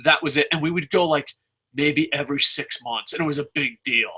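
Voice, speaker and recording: A young man from New Jersey giving a rambling, excitable wrestling review, swearing constantly and poking fun at himself. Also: on the high side, a little fast, husky. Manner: excitable, rambling, heavy swearing, self-mocking. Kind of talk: casual profane review rant.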